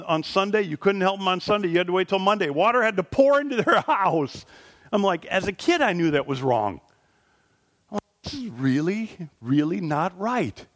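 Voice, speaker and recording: Man, pastor, sermon in a church; fairly high voice, animated, climbs at high points. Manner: animated preaching, rising pitch and volume at high points. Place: church sanctuary.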